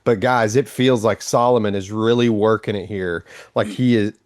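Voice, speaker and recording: A man co-hosting a casual Bible discussion podcast, chatty and animated, often slipping into mock voices. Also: fairly low pitch, moderate pace, no echo, studio quality. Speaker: podcast co-host.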